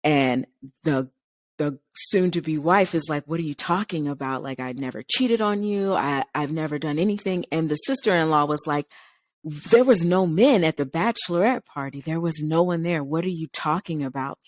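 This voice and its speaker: A woman co-hosting a radio talk show in the studio tells a long story casually, acting out what each person said. Her voice is low and her pace normal, and the recording is dry.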